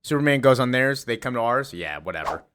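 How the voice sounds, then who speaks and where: A man's voice: medium pitch, expressive, fast talker, fairly bright tone, slight background noise. Rambling young man recapping a comic. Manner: rambling, filler-heavy, offhand.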